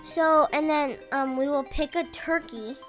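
Earnest high-voiced kid co-host. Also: female voice, unhurried, soft background music. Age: child, third grade. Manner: earnest, explains rules step by step. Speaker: podcast co-host. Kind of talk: casual family podcast chat.

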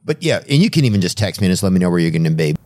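Animated guy on a podcast, playful, voice jumps all over. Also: low voice, rapid-fire. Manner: lively, laughing, playful. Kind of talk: casual comedic chat.

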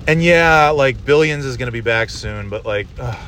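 A man's voice: mid-range voice, expressive, normal speed, a bit bright. Solo host, man, loose rambling talker who swears casually; recorded in a car with faint road hum. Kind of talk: casual monologue while driving. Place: inside a car.

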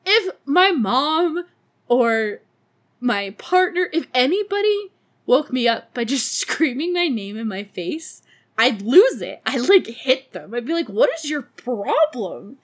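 A woman's voice: high voice, sing-song, takes it slowly. A young woman hosting a podcast, recapping a film in a casual, sarcastic, profane way with laughing asides. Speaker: podcast host.

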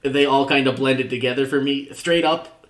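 A man at an ordinary middle pitch talks through a recap in loose, casual chat. He laughs often and leans on "uh" as he restarts his thoughts. It sounds like easygoing podcast banter. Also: steady tone, normal speed, echoey room. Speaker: podcast co-host reviewing sketch comedy.

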